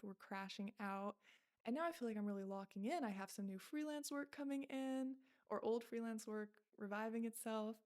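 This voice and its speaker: A young woman talks straight to her followers in a casual vlog. Her voice sits a little high, and she thinks out loud in a chatty, self-reflective way, full of likes and I don't knows. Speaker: content creator.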